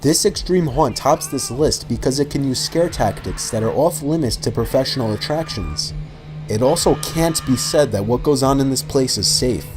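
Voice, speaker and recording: A man reading a scripted countdown narration in a measured, matter-of-fact way. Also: mid-range voice, lively intonation. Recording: voice-over with clear background music.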